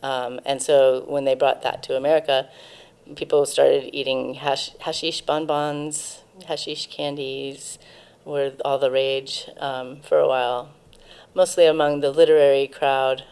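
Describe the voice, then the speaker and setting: Low, gravelly-voiced woman. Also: flat delivery, a little slow, a little mellow. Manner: informative, frequent ums and restarts. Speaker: cannabis museum guest. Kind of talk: casual interview, explaining history.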